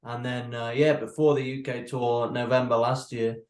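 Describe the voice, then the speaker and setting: A man's voice: medium pitch, flat delivery, normal speed, a little mellow. Young male guitarist from North Wales, mixed English-Welsh accent, rambling and easygoing, echoey video call.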